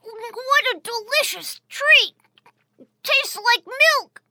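An eager little boy, acted by a woman, who bursts with cheerful exclamations. His voice is extremely high and very bright, and he speaks at an unhurried pace in a dry, close recording for a children's audio story. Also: animated, a little hiss or hum, exaggerated voice. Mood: excited.

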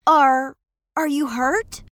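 Shy stammering young dragon, woman voicing, slow delivery, bright tone, storybook audio. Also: high-pitched, fairly even intonation, no room sound. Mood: unsure. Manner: hesitant, stammering. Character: timid young male dragon who can't breathe fire. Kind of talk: children's storybook voice acting.

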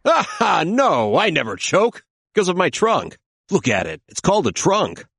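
A man voicing a calm, kindly male elephant firefighter in a children's storybook, reassuring and patient. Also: high voice, moderate pace, creaky, slightly rough, no room sound, studio quality, heavily acted. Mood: explaining.

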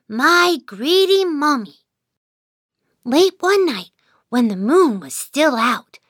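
A woman voicing a sleepy, patient young child who narrates a children's cartoon, in a gentle storytelling manner. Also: high voice, dry recording, studio quality, exaggerated voice.

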